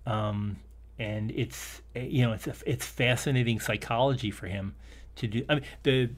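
A man co-hosting a relaxed conversation about a TV episode. He rambles, stops and restarts his sentences, and breaks into easy laughter. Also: mid-range voice, moderate pace. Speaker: podcast co-host. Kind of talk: casual discussion of an old TV episode.

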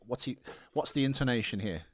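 A man co-hosting a podcast in casual chat, playful and quick to laugh. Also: mid-range voice, expressive, no echo. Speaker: podcast co-host.

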